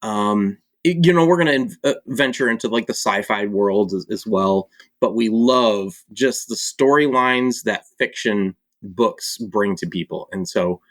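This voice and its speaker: A man from Michigan, an author and publisher, talking casually as a podcast guest, relaxed and hesitant with frequent ums. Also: on the low side, unhurried, no echo. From Michigan, USA. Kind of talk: casual conversation.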